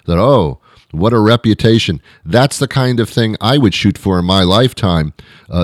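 A man's voice: lowish voice, expressive, moderate pace, no room sound, studio quality. Rambling comic male storyteller. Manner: rambling, self-mocking, frequent restarts.

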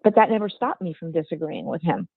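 A woman's voice: fairly low pitch, lively intonation, vocal fry, breathy edge, dry recording. Older woman telling a story over a tinny line. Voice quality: strong, not dainty voice. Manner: measured, emphatic, precise phrasing. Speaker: guest, former football executive. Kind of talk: storytelling interview answer. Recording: tinny phone-like remote line.

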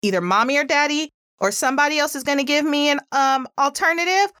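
A woman with a somewhat high, pitchy voice talks through parenting tips in a casual, earnest way. She leans on emphasis and fillers. The sound is dry and close, with no room around it. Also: quick pace, fairly bright tone, dry recording. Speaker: parenting podcast host. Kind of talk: casual advice talk.

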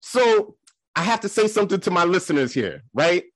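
A man co-hosting a podcast, telling embarrassing stories in a casual, animated way and acting out the voices in them. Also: high-pitched, fast talker, no echo. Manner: animated, laughing storyteller who acts out quotes. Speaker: podcast co-host.

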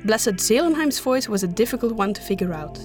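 A woman speaks candidly and with some self-deprecation about voicing characters for an audio drama. Her voice sits at a middle pitch. Soft music plays quietly beneath her. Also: lively intonation, brisk. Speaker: audio drama co-creator and voice actor. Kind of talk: behind-the-scenes commentary.

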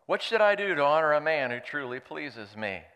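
A man voicing a commanding ancient king who gives brisk orders. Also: fairly high pitch, very animated, a bit bright, clean tone, long reverb tail. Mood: questioning.

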